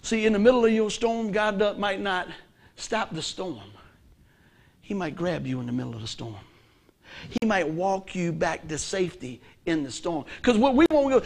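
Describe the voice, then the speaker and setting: A man with a high voice delivers a sermon. He fires questions at the congregation and pushes some lines hard. Then he drops others to a near hush. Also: expressive, moderate pace, creaky. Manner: emphatic, asks the congregation questions; swings from loud to hushed. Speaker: preacher.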